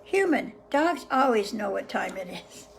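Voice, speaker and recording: A woman hosting a session where she reads a book aloud to viewers, pausing often in a gentle, unhurried way to muse on the passages. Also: sits high, lively intonation, slight background noise. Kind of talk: reading aloud with casual reflections.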